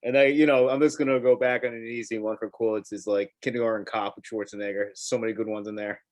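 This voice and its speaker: A man co-hosting a podcast, chatting quickly and laughing easily. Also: fairly low pitch, little pitch movement. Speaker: podcast co-host. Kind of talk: casual chat.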